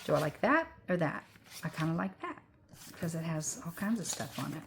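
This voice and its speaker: A woman's voice: sits low, very animated, a little fast, background noise. A woman of sixty chatting casually as she crafts at home, rambling and upbeat. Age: 60s. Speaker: crafting vlogger.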